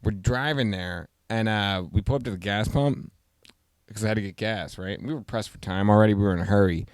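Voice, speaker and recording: A man hosting a podcast, casually telling a story and acting out the voices with loud exclamations. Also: fairly low pitch, fairly quick, smooth, no echo, studio quality. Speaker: podcast host.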